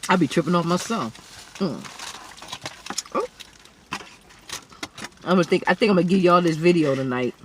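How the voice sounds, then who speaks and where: A woman hosting a casual eating video, chatting to camera between loud bites, humming and smacking. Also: on the low side, lively intonation, moderate pace, long pauses, a little hiss or hum. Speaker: eating show host. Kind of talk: casual mukbang chat to camera.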